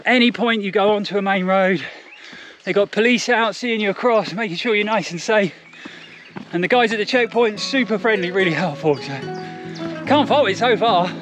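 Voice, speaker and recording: Upbeat high-voiced man vlogging mid-run. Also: normal speed, fairly bright tone, faint music behind. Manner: upbeat and chatty. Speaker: trail race vlogger. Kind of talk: on-the-run vlog commentary. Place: outdoors on mountain trails while running.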